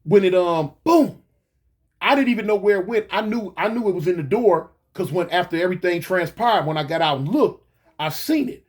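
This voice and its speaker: A man casually recounting a past event, animated, stumbling over restarts and mouthing gunshot sounds. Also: sits high, fairly quick, husky. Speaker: guest recounting a shooting. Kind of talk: casual storytelling.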